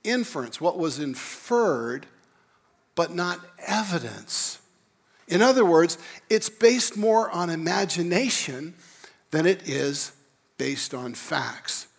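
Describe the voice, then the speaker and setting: Speaking on creation and evolution, a high-voiced, gravelly man delivers an informal lecture at a slow pace. His style is rambling and animated, full of restarts and repeated words as he circles back to build his point.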